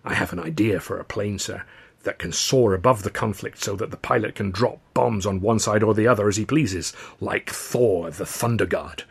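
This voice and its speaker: A man's voice: lowish voice, moderate pace, vocal fry, breathy edge, exaggerated voice. A man doing a zealous aviator. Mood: earnest. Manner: earnest, formal, insistent. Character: serious adult male aviator, zealous about warplanes.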